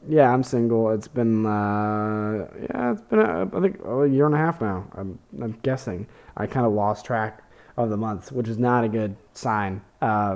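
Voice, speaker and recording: A man's voice: lowish voice, darkish tone. A young man, hosting a podcast, telling rambling, self-deprecating comedy stories full of fillers and swearing. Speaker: podcast host. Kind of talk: casual comedic monologue.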